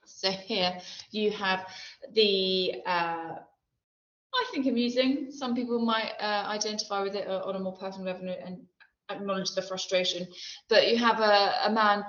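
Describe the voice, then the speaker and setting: A woman English literature teacher talking through a poem in a recorded lesson, thoughtful and explanatory, with many pauses and ums. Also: mid-range voice, a bit bright. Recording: roomy, dull lo-fi sound.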